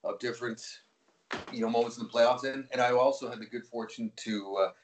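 A man's voice: mid-range voice, brisk. A man talks through a hockey memory at an easy pace, doubling back on his words as he goes. His voice sits in the middle register and carries a roomy echo. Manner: relaxed, rambling with frequent restarts. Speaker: hockey play-by-play broadcaster, guest. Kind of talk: anecdotal interview storytelling.

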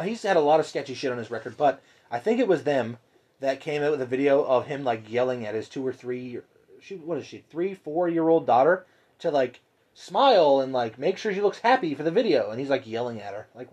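A man co-hosting a casual podcast, telling stories in a lively, profane way. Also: medium pitch, a little fast, breathy edge. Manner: animated, profane storytelling. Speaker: podcast co-host.

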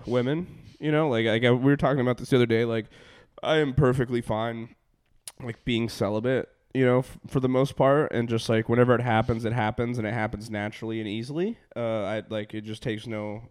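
A man's voice: mid-range voice, smooth, dry recording, studio quality. A young man, a comedian hosting a podcast, telling tour stories in casual chat, rambling with lots of fillers, laughs and swearing.

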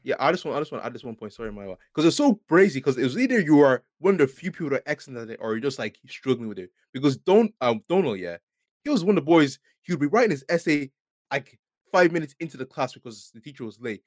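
A man's voice: mid-range voice, sing-song, quick pace, darkish tone, no room sound, clean studio sound. A young man in a casual chat, eager to cut in and sounding exasperated. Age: young adult.

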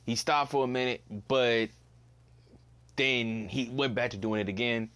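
A man's voice: medium pitch, fairly even intonation, a little slow, a bit bright, smooth. Young man, solo podcast host, exasperated, blunt, swears, repeats himself. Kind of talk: casual solo commentary.

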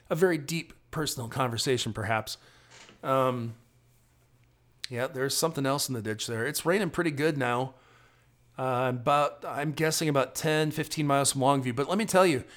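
A tired man chatting and rambling casually into his phone while driving his car at night. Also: fairly high pitch. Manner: chatty, rambling, self-deprecating. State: tired, drowsy. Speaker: travel vlogger.

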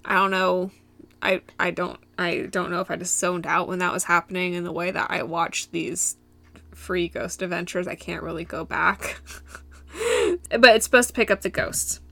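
A woman's voice: on the low side, fairly even intonation, normal speed, gravelly, a bit bright. A young woman from Michigan hosting a solo podcast, recapping a show in a giggly, rambling way that drifts into tangents. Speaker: podcast host.

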